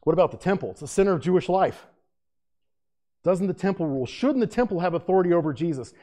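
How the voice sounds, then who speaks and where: A man preaching a sermon in a conversational way, reading scripture aloud with loud emphasis. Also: high voice, animated, quick pace. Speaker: pastor.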